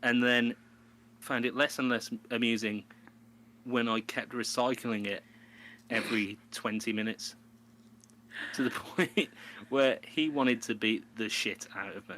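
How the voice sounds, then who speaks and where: A man's voice: mid-range voice, measured pace, pauses often, fairly bright tone, slight background noise. A man co-hosting a podcast, chatting casually in a rambling way and laughing often. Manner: rambling, laughs often, puts on a mock New York voice. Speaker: podcast co-host. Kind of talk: casual chat.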